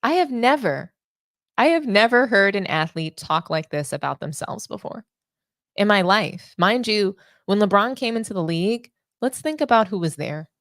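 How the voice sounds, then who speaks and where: A woman's voice: mid-range voice, lively intonation, moderate pace, fairly bright tone, dry recording, clean studio sound. A young adult woman hosting a sports show, delivering opinionated commentary with indignant, sarcastic rhetorical questions.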